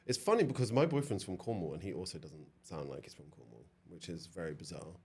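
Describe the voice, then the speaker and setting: A man in his thirties from London hosts a relaxed podcast chat. His voice sits fairly low, and he talks in a loose, chatty way with lots of "like", often breaking into laughter. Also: fast, slightly rough. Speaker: podcast host. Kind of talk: casual interview chat.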